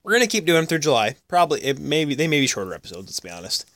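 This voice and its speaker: A man's voice: on the high side, rapid-fire, no room sound, studio quality. A man co-hosting a podcast, chatting and arguing casually about hockey, joking and interrupting. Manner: animated, jokey, argues and cuts in. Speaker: podcast co-host.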